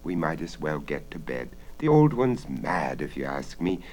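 Man playing a middle-aged innkeeper, deep, low and confiding, blunt, practical, storybook. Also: sing-song, a little slow, a little mellow, exaggerated voice.

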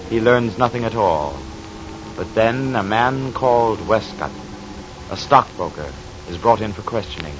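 A man narrating an old radio drama in a measured, dramatic way. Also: medium pitch. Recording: dull, noisy old radio recording.

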